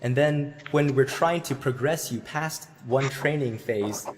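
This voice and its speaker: A man's voice: medium pitch, unhurried, background noise. A man teaching singing in an online group lesson, explaining patiently.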